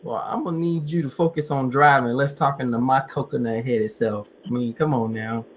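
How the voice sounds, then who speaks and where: A man hosting a casual live chat, animated and playful, telling stories and slipping into silly voices. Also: mid-range voice, moderate pace, slight background noise, poor audio. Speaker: host.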